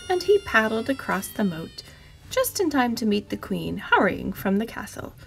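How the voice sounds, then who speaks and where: A woman's voice: fairly high pitch, very animated, normal speed, creaky, faint music behind. A woman reading a picture book aloud to children in a playful, rhythmic, sing-song way. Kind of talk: expressive children's story read-aloud.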